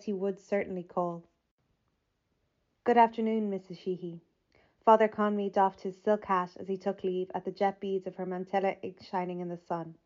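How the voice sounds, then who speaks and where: A woman narrating a literary audiobook in a measured, even reading that lifts slightly for quoted speech. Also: medium pitch. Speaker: audiobook reader. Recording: slightly muffled lo-fi recording.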